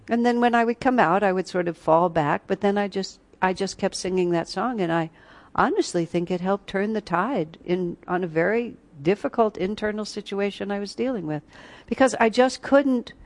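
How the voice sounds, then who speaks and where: A woman teaching a retreat class, telling stories and breaking into snatches of song. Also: mid-range voice. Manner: storytelling, breaks into sung snatches and laughs. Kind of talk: spiritual class talk.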